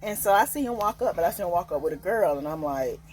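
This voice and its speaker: A young woman telling a casual storytime, loud and sassy, acting out each quote. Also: fast, background noise. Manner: animated, acts out quotes with big pitch jumps; loud, sassy, Southern Black vernacular. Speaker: storyteller vlogger.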